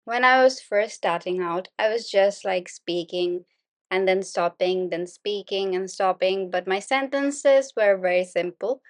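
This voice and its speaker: Slow, patient woman teaching speaking. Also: mid-range voice, no room sound, clean studio sound. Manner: steady, continuous explaining, polite and patient. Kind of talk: unscripted spoken lesson.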